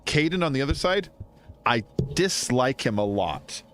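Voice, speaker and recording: A man's voice: medium pitch, sing-song, unhurried, fairly bright tone, faint music behind. A man giving casual, joking commentary while playing a game. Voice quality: joking, chatty, laughs often. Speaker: gaming streamer.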